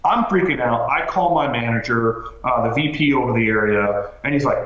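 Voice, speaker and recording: A man telling his story as a podcast guest, animated, with lots of fillers and restarts. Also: mid-range voice, a little fast, few pauses. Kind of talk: casual storytelling interview. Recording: roomy, slightly dull sound.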